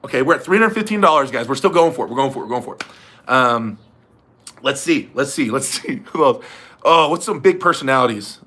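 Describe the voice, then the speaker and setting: A man's voice: medium pitch, animated, brisk, bright, forceful tone. A man hosting a casual livestream fundraiser, rambling and chatting with viewers and laughing often. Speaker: livestream host.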